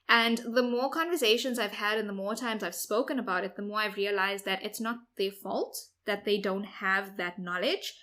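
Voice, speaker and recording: A woman's voice: mid-range voice, pushed and bright. A young South African woman hosting a podcast, speaking reflectively in casual chat with frequent "like" fillers. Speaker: podcast host.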